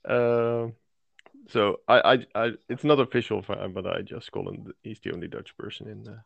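A man co-hosting a casual tabletop game chat, relaxed and easygoing, with fillers. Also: on the low side, normal speed, creaky, no echo, highs cut off. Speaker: podcast co-host.

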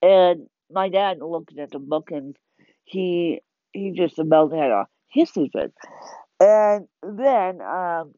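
A woman's voice: fairly low pitch, expressive, takes it slowly, dry recording, narrow, tinny audio. A woman who writes and self-publishes books, talking in a chatty, rambling monologue that often restarts and repeats itself. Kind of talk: casual monologue vlog.

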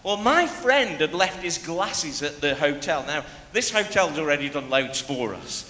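Lively preacher in an echoey hall. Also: male voice, fairly high pitch, measured pace. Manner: lively storyteller, breaks into shouts when re-enacting. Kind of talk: sermon with personal storytelling. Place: church hall. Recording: echoey hall, faint ambience.

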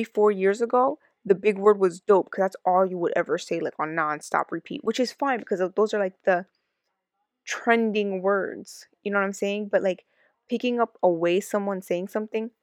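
A woman co-hosting a casual chat who rants in quick bursts and talks over her partner. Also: mid-range voice, dry recording, clean studio sound. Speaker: podcast co-host.

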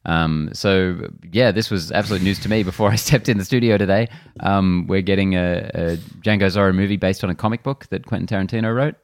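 A man's voice: low-pitched, a little fast, few pauses, a little hiss or hum. A man presenting film news on a studio podcast in an easygoing, chatty way. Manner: easygoing, laughs readily, reads out headlines. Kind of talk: casual film news chat.

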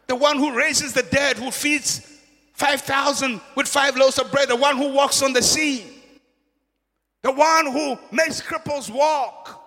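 High, raspy, animated preacher man. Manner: dramatic, swings from soft to shouting. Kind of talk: sermon. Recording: long hall reverb.

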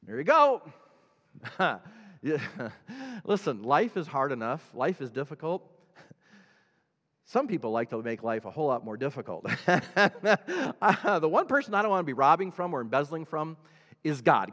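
A man preaching a sermon as a pastor, emphatic, swinging between loud declarations and hushed storytelling. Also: fairly high pitch, very animated, normal speed. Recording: long hall reverb.

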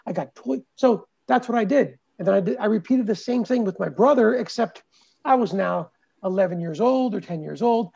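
A man with a high, gravelly voice tells his childhood story with earnest animation, slipping into quoted lines as he goes. His tone is mellow and husky. The recording sounds dull and lo-fi. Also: normal speed. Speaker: podcast guest. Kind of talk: personal storytelling in conversation.

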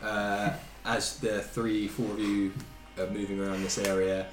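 A man's voice: on the low side, little pitch movement, measured pace, hardly any pauses. A man narrating as game master of a tabletop game, loose and jokey. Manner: loose and jokey, laughs often. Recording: echoey room with faint music.

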